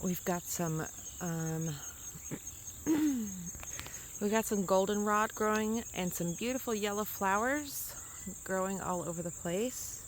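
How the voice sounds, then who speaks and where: A woman's voice: medium pitch, animated, takes it slowly, long pauses, slight background noise. A woman chatting casually as she walks a camera around her outdoor garden, rambling and correcting herself as she goes. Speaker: vlogger touring her garden. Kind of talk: casual garden tour chat.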